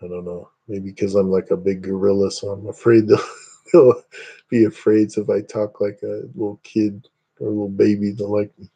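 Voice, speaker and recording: A chatty man rambles through a casual livestream, greeting viewers one by one. His voice sits low and sounds deeply mellow and relaxed. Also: moderate pace, slightly rough, lo-fi sound. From Northeast Indiana, USA. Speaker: livestream host.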